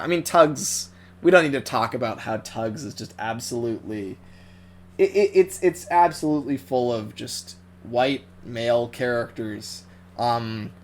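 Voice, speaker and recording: A man's voice: medium pitch, a little hiss or hum. Rambling man giving casual commentary. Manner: rambling, many restarts, nervous laughs. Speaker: cartoon fan commentator.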